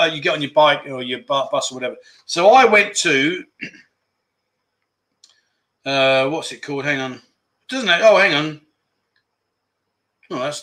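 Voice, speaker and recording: Chatty enthusiastic man, bright voice. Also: fairly high pitch. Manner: chatty, enthusiastic, repeats words for emphasis. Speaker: livestream host. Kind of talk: casual livestream chat reading viewer comments.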